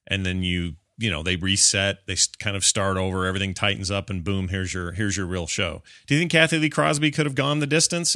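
Bright-voiced man hosting a podcast. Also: lowish voice, no room sound, clean studio sound. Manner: rambling, self-interrupting, reads answers aloud. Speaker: podcast co-host. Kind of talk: casual chat.

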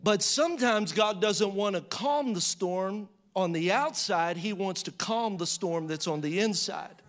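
A man preaching a sermon in a conversational style, asking the audience rhetorical questions and acting out quotes with rising pitch and volume. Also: measured pace, a bit bright. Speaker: pastor.

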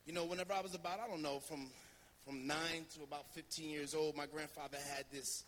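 A man from New Jersey preaching a sermon, telling a story in a lively, anecdotal way with many fillers. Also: fairly high pitch, fairly quick, big-room sound, slight background noise. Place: church sanctuary.

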